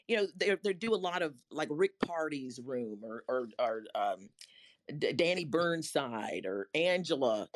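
A woman's voice: low-pitched, no echo. Lady voice coach, chatty and folksy, dry close sound. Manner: animated, folksy, repeats words. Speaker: voice acting coach. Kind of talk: casual panel talk.

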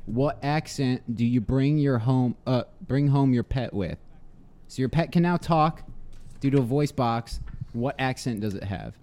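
A man's voice: mid-range voice, measured pace, warm tone. A man co-hosting a casual podcast, reading game cards and teasing his friends, laughing often. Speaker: podcast co-host running a party game. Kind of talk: casual group chat.

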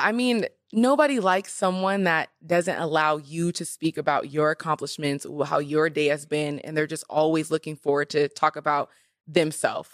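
A young woman hosting a podcast in casual chat, animated and emphatic with sassy asides. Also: low voice, no echo, studio quality. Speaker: podcast host.

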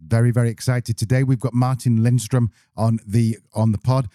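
A man's voice: mid-range voice, level tone, normal speed, warm tone, no room sound, studio quality. A man co-hosting a podcast, joking and teasing in casual banter. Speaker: podcast co-host, business owner.

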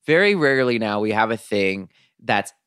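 A man guest on a comedy podcast, animated and laughing a lot, breaking into goofy voices. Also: lowish voice, normal speed, smooth, no echo, studio quality. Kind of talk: casual chat.

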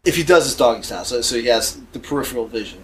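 A man's voice: mid-range voice, lively intonation, very fast. A man co-hosting a podcast, swearing freely and laughing often in crude casual banter. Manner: profane, emphatic, laughs often. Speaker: podcast co-host.

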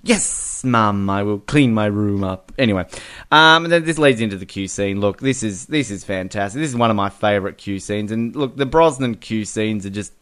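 A man's voice: fairly low pitch, lively intonation, brisk, a bit bright, clear, resonant tone. A man co-hosting a podcast, chatting casually about a film and laughing often as he retells scenes. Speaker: podcast co-host. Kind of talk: casual movie review chat.

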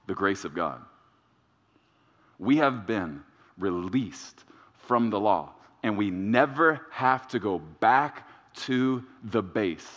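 A male pastor preaches in a mid-range voice and drives his points home by repeating them. He leans on dramatic pauses. His words carry a long reverb, as in a large sanctuary. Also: mid-range voice, fairly bright tone. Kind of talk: sermon.

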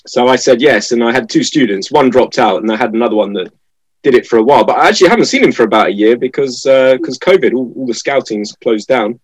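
A man chatting as a guest and telling anecdotes with animated voices. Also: mid-range voice, fast, husky, dry recording. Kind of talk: casual chat.

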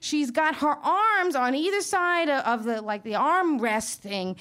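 High-voiced profane New York woman storyteller. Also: unhurried. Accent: New York (Queens). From Queens, New York. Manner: candid, profane, animated with frequent restarts. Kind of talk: live storytelling monologue.

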